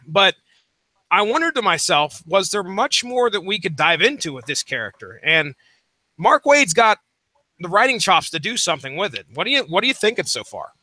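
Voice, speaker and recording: A podcast host with a bright, forceful tone and a high voice that swings all over. He recaps the plot and then quizzes his co-hosts with animated questions. The sound is close and dry. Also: moderate pace, no room sound. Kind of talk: casual podcast discussion.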